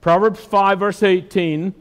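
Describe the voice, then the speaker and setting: Male pastor, high voice, emphatic call-and-response sermon, long hall reverb. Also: steady tone, slow pace. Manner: emphatic preaching, asks the congregation questions.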